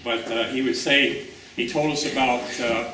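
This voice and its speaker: A man's voice: medium pitch, fairly even intonation, normal speed. A man speaking at a memorial luncheon, telling rambling anecdotes full of fillers about a friend. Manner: rambling, warm storytelling with fillers. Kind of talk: personal remembrance at a luncheon. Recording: distant voice in an echoey room with noise.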